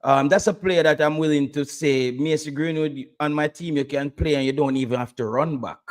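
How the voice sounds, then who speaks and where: A man talking football in a casual chat, animated and quick to repeat himself when he starts a point. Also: a little high. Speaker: podcast co-host.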